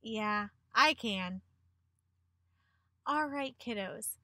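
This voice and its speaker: A woman's voice: on the high side, animated, drawn-out words, sharp tone, no echo. A woman teacher giving a picture-book read-aloud lesson to children, encouraging them and asking questions that she answers herself.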